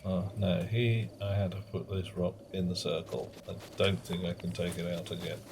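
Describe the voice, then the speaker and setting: A man's voice: low-pitched, level tone, moderate pace, gravelly, noisy background. A man giving casual, wry commentary while streaming a game, muttering self-mocking asides. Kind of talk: casual live gameplay commentary.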